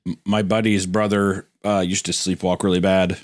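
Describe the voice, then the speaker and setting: A man co-hosting a casual podcast, swearing freely and reacting loudly with laughs. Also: sits low, flat delivery, moderate pace. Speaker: podcast co-host. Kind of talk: casual chat.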